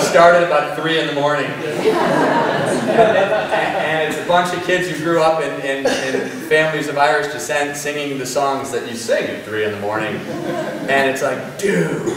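A man giving a keynote speech, telling a story in an animated way, laughing often and repeating words. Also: mid-range voice. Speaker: keynote speaker. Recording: echoey hall, mic from a distance, faint noise.

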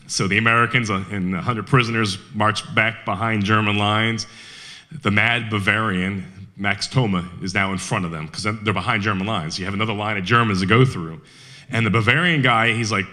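Bright-voiced man telling a battle story. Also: fairly low pitch. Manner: animated storyteller, quick quoted asides in character. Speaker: historian speaker. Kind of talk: storytelling talk. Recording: radio broadcast of a live talk.

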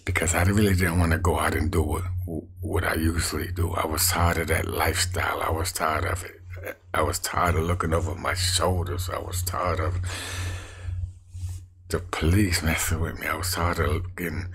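A man giving a personal testimony in a hushed, half-whispered way that rises suddenly with emotion. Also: little pitch movement, moderate pace. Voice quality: gravelly, husky low voice. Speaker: street evangelist.

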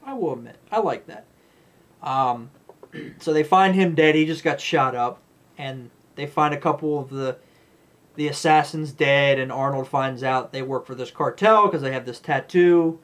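A man's voice: mid-range voice, moderate pace, a bit bright. A man giving a rambling, blunt, profane movie review rant.

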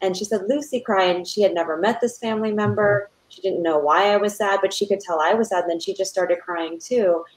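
A woman's voice: mid-range voice, fairly quick, hardly any pauses, poor audio. A woman in her thirties hosting a conversational interview, enthusiastic and personal. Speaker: host.

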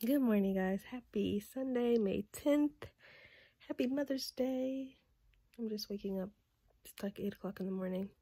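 A woman's voice: mid-range voice, moderate pace, mellow, breathy edge. A young woman chatting casually to her viewers in a vlog, bubbly and talkative, filmed on a handheld phone. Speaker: vlogger.

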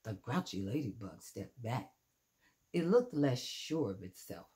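An older woman reading a children's picture book aloud in a gentle, expressive way, pausing to point out the pictures. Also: very deep voice. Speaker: storyteller.

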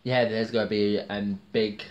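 A man's voice: fairly low pitch, flat delivery, normal speed, muffled recording. A man hosting a jokey solo TV review video, rambling and hesitant with many ums and slang words. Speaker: TV soap reviewer.

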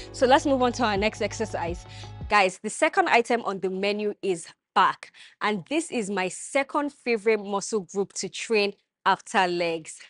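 A young woman vlogging her workout in a gym, coaching viewers with energy as she demonstrates the exercises. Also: mid-range voice. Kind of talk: instructional workout vlog.

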